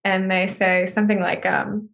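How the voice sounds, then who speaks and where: A woman's voice: mid-range voice, level tone, normal speed, vocal fry, fairly bright tone. A woman author being interviewed, talking openly and often laughing as she speaks. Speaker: author and guest. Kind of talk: emotional conversational interview.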